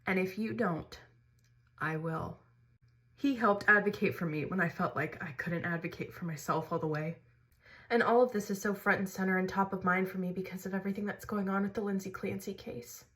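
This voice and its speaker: A woman's voice: mid-range voice, steady tone, brisk, fairly bright tone. A woman candidly telling a personal story to camera, earnest and conversational, like a storytime vlog. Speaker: mother sharing her story.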